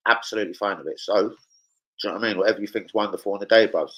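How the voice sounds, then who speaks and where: Young man, London accent, livestream host, laddish swearing, bright forceful voice. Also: fairly low pitch, very fast, poor audio. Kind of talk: casual live chat reading comments. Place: home, indoors.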